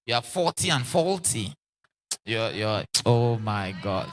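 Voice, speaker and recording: A man preaching a sermon in an animated way, acting out quoted voices and repeating lines for emphasis, with laughs between lines. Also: medium pitch, extremely slow, long pauses, a little hiss or hum.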